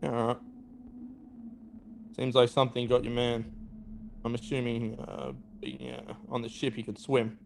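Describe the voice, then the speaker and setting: A man's voice: mid-range voice, level tone, measured pace, gravelly, pauses often, a little hiss or hum. A man playing a tabletop game, asking questions in a matter-of-fact way as his character. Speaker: player.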